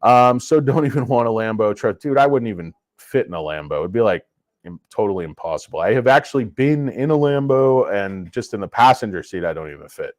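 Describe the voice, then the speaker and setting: A man's voice: lowish voice, expressive, a little fast, no room sound. A man with a stuffy head cold hosting a casual livestream on a lapel mic, rambling and joking with viewers. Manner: rambling, jokey, chatting with viewers. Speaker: livestream host. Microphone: cheap lapel microphone.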